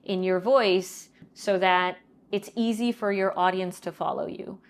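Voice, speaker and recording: A middle-aged woman answering interview questions in a measured, explanatory way, often pausing to check in with "right?". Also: mid-range voice, steady tone, clean tone. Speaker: guest, banking leader and professor.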